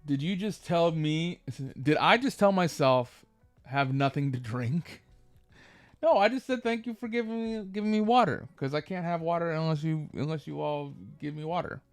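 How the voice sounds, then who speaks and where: A male streamer with a gravelly, creaky voice, thinking aloud in a halting way and restarting his sentences often. His sound is close and dry, with faint music underneath. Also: on the high side, no room sound. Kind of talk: casual live-stream chat.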